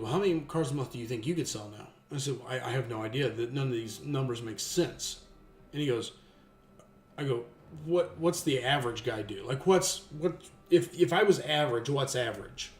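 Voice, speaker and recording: Man, thirties, casual storyteller, mid-pitched, rambling with restarts, roomy echo with faint music behind. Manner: rambling with many restarts, animated when quoting others. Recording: echoey room with faint music.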